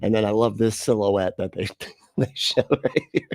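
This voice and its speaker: A man with a lowish, somewhat dark voice hosts a casual livestream where he reacts to a video, speaking at a moderate pace with no echo. He laughs often, greets viewers in chat, and tosses out sarcastic remarks.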